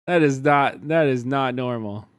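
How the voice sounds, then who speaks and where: A man with a Kansas City accent, commenting casually and profanely on a video during a live stream, given to excitable bursts of mock outrage. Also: medium pitch, no echo. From Kansas City, USA.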